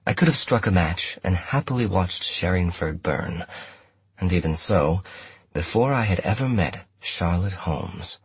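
Husky deep-voiced male narrator. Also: dry recording. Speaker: audiobook narrator. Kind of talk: scripted first-person narration.

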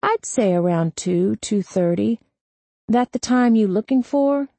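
A raspy, cornered ex-convict man, as a woman reading the audiobook puts him on, his voice climbing high and strained as he pleads. He sounds desperate and frantic rather than menacing. The recording is dry and close. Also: expressive, measured pace, warm tone, no room sound. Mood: defiant. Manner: pleading, screaming in panic. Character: desperate male ex-con, raspy, panicky. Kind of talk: audiobook character voice.

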